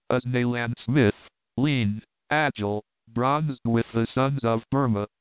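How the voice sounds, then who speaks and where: A man reads a mystery novel aloud in an even, deliberate way. His voice is smooth and clear at a middle pitch. The recording is dry and phone-like. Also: dry recording. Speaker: audiobook narrator. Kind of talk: scripted narration of a mystery novel. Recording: dry, tinny narrow-band audio.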